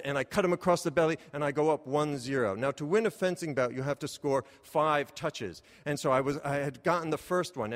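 A man telling a comic personal story, animated and self-mocking, breaking into loud exclamations. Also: fairly high pitch. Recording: reverberant hall.

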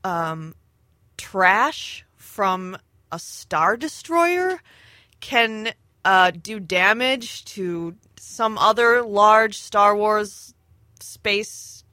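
A woman telling a rambling story in casual chat, laughing often and filling pauses with ums. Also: medium pitch, lively intonation, sharp tone, no room sound, clean studio sound. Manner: giggly, rambling with many fillers. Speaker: storyteller on a podcast.

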